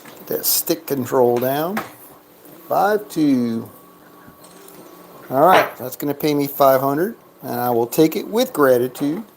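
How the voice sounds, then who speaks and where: A man's voice: medium pitch, expressive, takes it slowly, pauses often, background noise. A man giving casual, joking commentary while playing a craps game, chatting to himself and counting bets and chips aloud.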